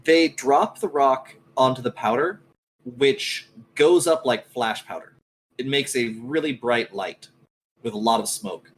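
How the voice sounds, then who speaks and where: A man narrating a tabletop game as game master, calmly describing scenes. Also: medium pitch, a little slow, low-quality recording.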